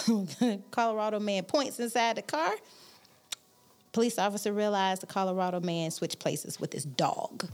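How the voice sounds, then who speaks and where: A woman's voice: mid-range voice, measured pace. A woman co-host reading an odd news story aloud, laughing as she tells it in a casual radio chat. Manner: giggly storytelling, laughing between lines.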